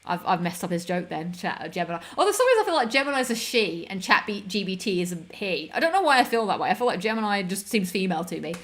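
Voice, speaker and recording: A woman's voice: mid-range voice, very animated, fast, few pauses. Young woman, casual stream host, rambling and self-mocking. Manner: chatty and self-deprecating, rambling with fillers and giggles. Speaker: livestream host. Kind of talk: casual chat with viewers.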